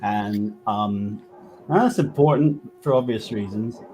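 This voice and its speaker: A man's voice: lowish voice, background noise. A man with a West Country English accent, a guest medium talking in a casual interview, full of fillers and restarts. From England. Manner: halting, many fillers and restarts.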